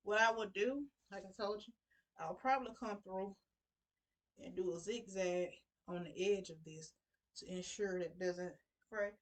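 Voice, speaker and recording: A middle-aged woman runs a casual sewing tutorial as a vlogger, chatting away and calling her viewers y'all. Her voice is mid-range and her speed normal.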